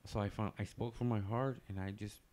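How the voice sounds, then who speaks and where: A man's voice: on the low side, steady tone, a little fast, a little mellow. A man telling a long personal story on a casual podcast, rambling loosely with many fillers and restarts.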